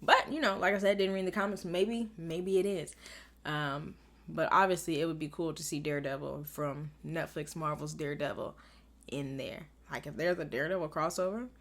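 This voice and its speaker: A young woman giving a casual, excitable recap and reaction to a TV episode, acting out lines as she retells them. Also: sits low, normal speed. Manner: excitable, animated retelling with quoted voices. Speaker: recap reviewer.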